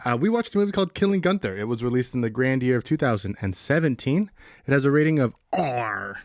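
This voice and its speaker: Deadpan joking podcast guy. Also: mid-range voice, fast, no echo, studio quality. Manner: joking, deadpan, calls people bro. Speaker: podcast co-host. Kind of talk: casual comedic chat.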